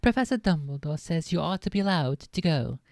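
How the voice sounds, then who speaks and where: A woman puts on a prim, fussy school nurse who clips her words firm and sniffy. The voice rises well above her natural low register, dry and close to the mic. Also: moderate pace, a little mellow, no echo, natural voice. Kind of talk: audiobook-style read-aloud on stream.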